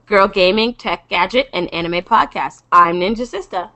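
A woman's voice: mid-range voice, moderate pace, sharp tone, muffled recording. A woman hosting a casual podcast over an online call, playful and giggly, restarting the intro again and again. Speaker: podcast host.

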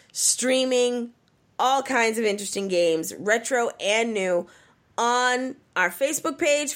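A woman's voice: mid-range voice, a bit bright. A woman co-hosting a podcast, reading out upbeat, chatty plugs at the end of a show, sometimes singing a word. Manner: upbeat, chatty, sings some words. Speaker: podcast co-host. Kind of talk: casual show outro with plugs.

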